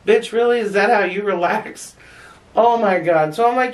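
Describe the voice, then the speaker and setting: A woman's voice: mid-range voice, measured pace, long pauses, recorded from a distance. Chatty, laughing woman vlogger. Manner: chatty and frank, laughing often, with blunt swearing. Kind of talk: casual storytelling to camera.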